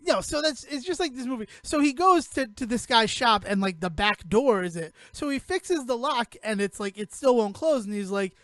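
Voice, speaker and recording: High-pitched man, casual podcast chat, animated and rambling, cursing freely, dry close sound. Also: normal speed, few pauses, no room sound. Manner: animated, rambling, swearing, jumps into quoted voices. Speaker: podcast co-host.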